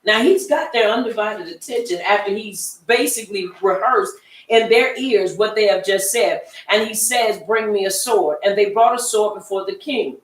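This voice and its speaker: A woman's voice: medium pitch, normal speed, distant mic. A woman teaching a Bible study class in a conversational, folksy way, often repeating herself and acting out the voices she quotes. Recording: echoey room, voice from off-mic.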